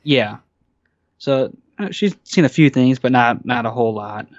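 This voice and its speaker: A man's voice: mid-range voice, animated, measured pace, no echo. Hesitant man on a dull line. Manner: hesitant, many fillers and restarts. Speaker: guest caller. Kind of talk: casual interview chat.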